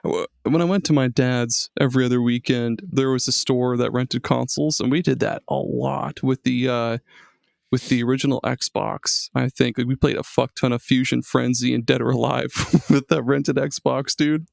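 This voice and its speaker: A man in his thirties with a gravelly, mid-pitched voice co-hosting a casual podcast. He talks in a relaxed way, swears freely and laughs along. The mic is dry and close. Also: normal speed, no echo. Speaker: podcast co-host. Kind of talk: casual chat.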